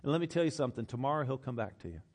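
A man's voice: medium pitch, expressive, racing, husky. A male pastor preaching a sermon, emphatic, repeating phrases for effect and laughing often.

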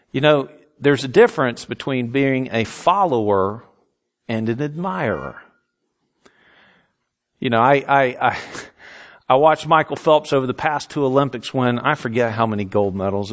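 A man preaching a sermon as pastor, earnest and emphatic, with self-mocking humorous asides. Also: mid-range voice.

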